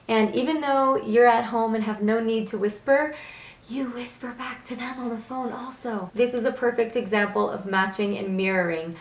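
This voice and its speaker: A woman hosting a self-improvement vlog, explaining tips in a calm, earnest, instructive way. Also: medium pitch, creaky. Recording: echoey room.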